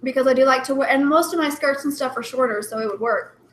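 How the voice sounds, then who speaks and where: A woman's voice: sits high, fast, slight background noise. A young woman chatting casually as a livestream co-host, giggly and rambling with lots of "like" fillers. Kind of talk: casual chat. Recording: roomy echo.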